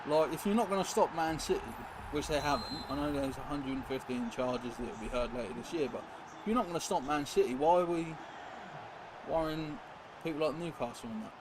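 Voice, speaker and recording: A man's voice: on the high side, a little fast. A young man streaming a football game, chatting casually and rambling as he reacts to viewers and play. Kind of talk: casual live-stream chat while gaming. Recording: noisy background hiss.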